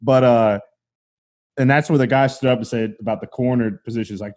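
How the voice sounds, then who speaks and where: A man hosting a podcast, telling anecdotes in an animated, profane, rushing way. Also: medium pitch. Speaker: podcast host. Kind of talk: casual storytelling chat.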